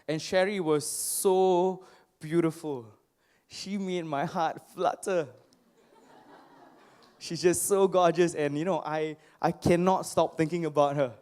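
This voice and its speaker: A young man speaks from a stage to a live crowd, his voice pitched high. He tells personal stories with animated, playful self-mockery and often asks the audience questions. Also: takes it slowly. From Singapore. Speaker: motivational speaker.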